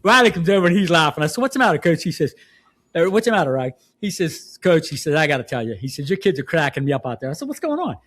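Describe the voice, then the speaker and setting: An older man, a football coach telling stories on a podcast, laughing and acting out shouted quotes. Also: fairly high pitch, expressive, fast. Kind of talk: casual storytelling.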